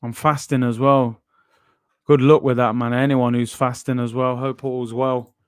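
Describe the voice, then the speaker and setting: A man's voice: mid-range voice, flat delivery, unhurried, smooth, no room sound. A man hosting a live football watchalong, chatting casually in slang and reading out chat messages.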